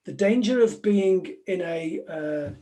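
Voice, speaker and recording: A man's voice: high-pitched, expressive, slow pace, warm tone. A man, a former police negotiator, giving a live talk to an audience in a direct, conversational way, full of anecdotes.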